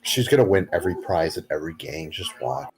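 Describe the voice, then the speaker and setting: A man's voice: sits low, lively intonation, fairly quick, darkish tone, faint music behind. A man playing at a tabletop game, joking wryly in casual table talk. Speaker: player.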